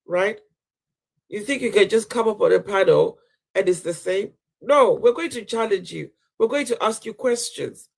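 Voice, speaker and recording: A man's voice: sits high, gravelly. A man hosting a live online debate panel, arguing emphatically and pressing his points with repeated "right?". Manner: preachy, emphatic, keeps asking "right?". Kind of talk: heated debate on a live stream.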